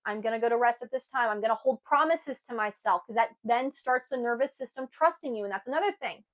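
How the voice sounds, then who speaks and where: A young woman giving an earnest, emphatic self-help talk to camera, with sudden lively bursts. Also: on the high side, fast, low-quality recording. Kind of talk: casual motivational talk to camera.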